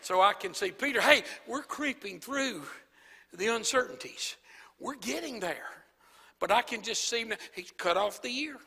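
Male pastor, high squeaky voice with a bright edge, preaching in a reverberant church hall. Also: expressive, moderate pace, vocal fry, slightly rough. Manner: swings from quiet storytelling to shouted preaching. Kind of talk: sermon. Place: church sanctuary.

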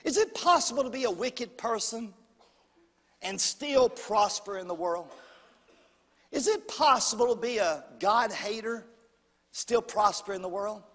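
A man preaching a sermon as pastor, calling out to the congregation and rising to shouts at the peaks. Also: sits high, expressive, unhurried, pauses often. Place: church sanctuary. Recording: long hall reverb.

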